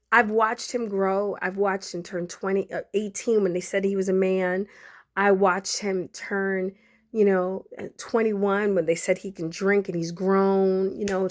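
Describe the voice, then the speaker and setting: A woman in her forties hosting a podcast, talking emotionally to her followers and fighting back tears as she speaks. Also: mid-range voice. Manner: conversational, addresses listeners directly. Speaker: podcast host. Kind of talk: emotional personal talk to followers.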